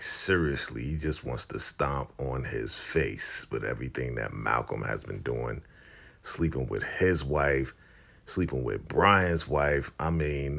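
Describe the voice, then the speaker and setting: A man retelling a TV episode in a casual vlog, with animated, slangy storytelling. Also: extremely low pitch, gravelly. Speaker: show recap host. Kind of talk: casual show recap vlog.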